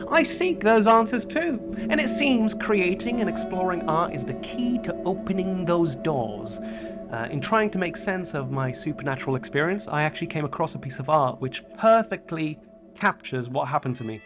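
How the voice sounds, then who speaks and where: A man hosting a comic podcast monologue, theatrical and playful, swinging between loud outbursts and hushed asides. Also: fairly high pitch, very animated, moderate pace, faint music behind. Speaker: podcast host.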